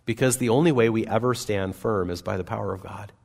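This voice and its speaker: A man preaching a sermon as pastor, earnest and emphatic, with wide swings between loud and soft. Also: lowish voice, fast, gravelly. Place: church sanctuary. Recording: long reverb of a church hall.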